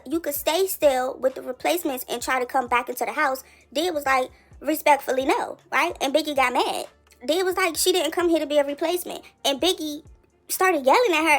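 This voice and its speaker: A woman with a high voice gives casual, chatty commentary on a reality show, reacting quickly and asking lots of rhetorical questions.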